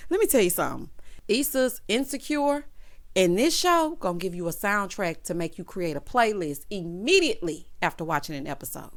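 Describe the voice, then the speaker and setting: A woman recapping a TV episode in a casual chat, animated and sassy, talking straight to her viewers with chatty asides. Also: lowish voice, moderate pace. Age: adult with a child. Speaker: TV recap reviewer.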